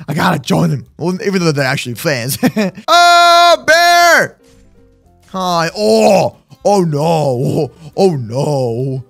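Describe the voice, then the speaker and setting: A young man giving excitable casual gameplay commentary, often yelling at enemies and laughing between lines. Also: a little high, takes it slowly, vocal fry, faint music behind. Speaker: gaming YouTuber.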